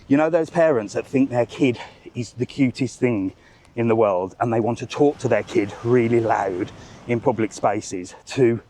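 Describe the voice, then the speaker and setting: A man hosting a live travel vlog, telling a story as an animated, swearing rant while walking outdoors. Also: medium pitch, normal speed, slight background noise. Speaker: travel vlogger, live stream host. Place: outdoors among bars and restaurants.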